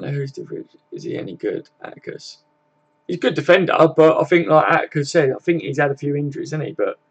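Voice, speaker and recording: Laddish young British man chatting. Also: a little high. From Britain. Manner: laddish, swears a lot, tags questions with mate. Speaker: live stream host. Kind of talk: casual live chat reading comments. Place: home room with desk and sofa.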